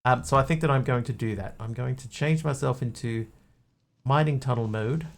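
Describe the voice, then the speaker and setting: A man livestreams a video game, rambling, cracking jokes, and chatting with his viewers. His voice is medium-pitched with some vocal fry, moving at a moderate pace over slight background noise.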